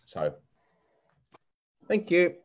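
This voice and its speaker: A man's voice: sits high, wildly swooping pitch, extremely slow, slight background noise. A man narrating as game master in a chatty way, full of ums and restarts, over a lo-fi video call.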